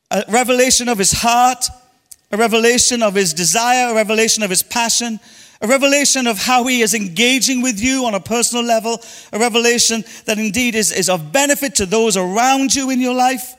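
Man, pastor, sermon, playful with congregation, high voice, echoing church hall. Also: a little fast, a bit bright. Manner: playful, teasing banter with congregation.

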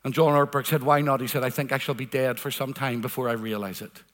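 A man's voice: mid-range voice, steady tone, fast, fairly bright tone. A man preaching a sermon, earnest and emphatic, repeating phrases for weight. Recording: long hall reverb.

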